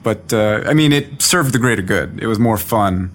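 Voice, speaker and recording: A man's voice: lowish voice, expressive, moderate pace, a bit bright. A man, a game developer, recalling his work in a casual interview with lots of fillers and rambling phrasing.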